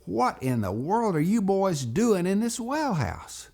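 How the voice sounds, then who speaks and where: A man's voice: lowish voice, wildly swooping pitch, moderate pace, creaky, breathy edge, exaggerated voice. A man voicing a father who hunts for his missing sons and questions them. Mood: puzzled. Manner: calling loudly from afar.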